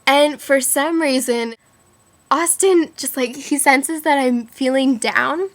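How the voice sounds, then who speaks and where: A woman's voice: high voice, slow pace. A teenage girl telling rambling stories in a casual vlog, giggling often and filling her talk with "like". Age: teens. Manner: giggly, rambling, many "like" fillers. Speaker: vlogger.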